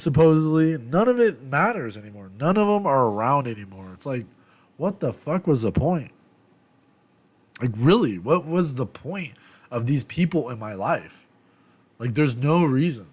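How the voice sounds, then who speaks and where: Rambling, subdued young man venting. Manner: rambling, swears a lot, heavy fillers; low, subdued and reflective, trailing off quietly. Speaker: vlogger. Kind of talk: candid confessional vlog.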